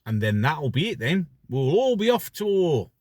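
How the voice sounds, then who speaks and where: A man's voice: on the high side, big pitch swings, moderate pace, a little mellow, no room sound. A middle-aged man giving a sarcastic ranting commentary full of rhetorical questions. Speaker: vlogger.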